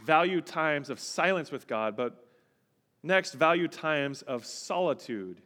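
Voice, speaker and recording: A man's voice: on the high side, slow pace. Male pastor preaching in a reverberant hall. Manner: expressive storyteller, building to fervent exhortation. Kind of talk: sermon with personal storytelling. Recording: long reverb, large hall.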